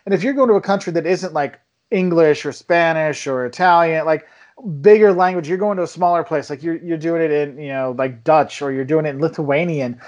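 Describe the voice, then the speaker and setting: Young male podcast guest with a higher voice, lively and chatty, jumps into voices for quotes. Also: fairly quick. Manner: animated storyteller, acts out quotes with big pitch jumps. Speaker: travel video maker, podcast guest. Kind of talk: casual chat.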